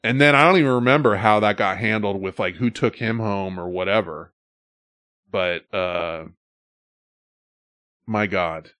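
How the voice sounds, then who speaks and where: A man telling a story in casual podcast chat, swearing freely and shouting when he acts out the scenes. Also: fairly low pitch, unhurried, long pauses, dry recording, studio quality. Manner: profane, animated storyteller who shouts when acting out scenes.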